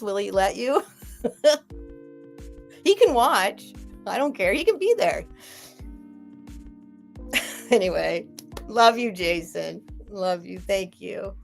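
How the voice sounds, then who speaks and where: A woman's voice: a little high, creaky. A woman hosting a live sale stream, rambling in a chatty way and gushing thanks at her viewers.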